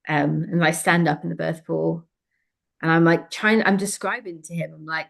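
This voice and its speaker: Woman telling her story in a chat, lowish voice, lots of ums, frank and lively. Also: normal speed, creaky. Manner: frank, lively retelling with many fillers. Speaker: interview guest. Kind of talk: personal storytelling in conversation.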